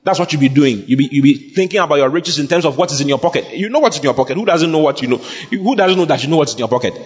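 Man preaching, husky voice, emphatic and repetitive, long hall reverb, dull lo-fi sound. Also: fairly high pitch, expressive, very fast. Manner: emphatic and repetitive, building to shouts. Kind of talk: sermon.

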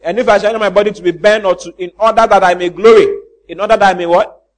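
Animated pastor, high voice. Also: male voice, very fast. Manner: animated preaching with rhetorical questions to the congregation; mimics church members in comic voices. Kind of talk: sermon.

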